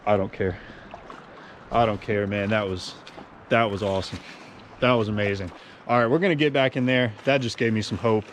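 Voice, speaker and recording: A man's voice: on the low side, moderate pace, pauses often, slight background noise. A man vlogging outdoors at a winter creek, soaked and cold, talking casually with lots of dude and yo. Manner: excitable, slangy, says yo and dude. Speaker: fishing vlogger.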